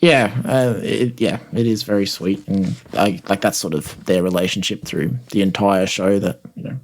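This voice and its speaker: A man co-hosting a podcast in relaxed conversation, slowly and thoughtfully unpacking what a scene means. His voice sits on the low side for a man, and his delivery stays easygoing and reflective. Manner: thoughtful, explains scenes at length. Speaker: podcast co-host. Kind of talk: casual chat.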